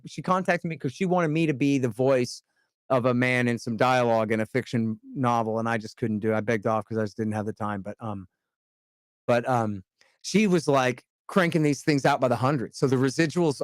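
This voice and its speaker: A man in casual podcast chat as a guest author, talking in an animated, emphatic way with casual swearing. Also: medium pitch, no room sound, studio quality.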